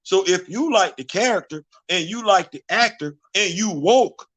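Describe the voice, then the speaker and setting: A male vlogger holds forth in a casual, preachy register, circling back on his points and firing off rhetorical questions. His voice sits a touch higher than most men's. He leans hard on repetition to drive each point home. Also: expressive, normal speed, a bit bright. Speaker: vlog host. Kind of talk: casual opinion commentary.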